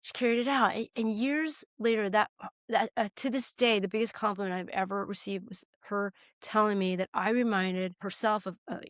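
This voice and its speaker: A woman's voice: medium pitch, fairly even intonation, normal speed, dry recording, studio quality. An American woman, a political candidate, telling a heartfelt personal story as a podcast guest, earnest and at times choked up. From United States.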